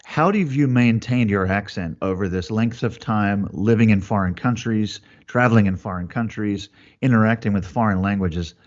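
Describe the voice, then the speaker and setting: A man's voice: lowish voice, moderate pace, muffled recording. An Australian man hosting a podcast, who keeps the interview banter light and teasing. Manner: jokey, teasing, upbeat host banter. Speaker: podcast host.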